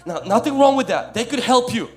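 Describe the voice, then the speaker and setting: A male pastor preaching a sermon, swinging from loud emphatic lines to soft ones and calling listeners "my friend". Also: very high voice, animated, brisk.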